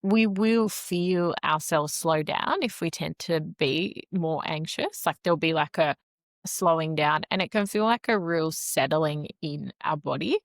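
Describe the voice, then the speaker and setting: Low-voiced woman explaining calmly. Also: a little slow, dry recording, studio quality. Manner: calm, explanatory, animated with sing-song asides. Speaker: nervous system expert guest. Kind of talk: explanatory podcast interview.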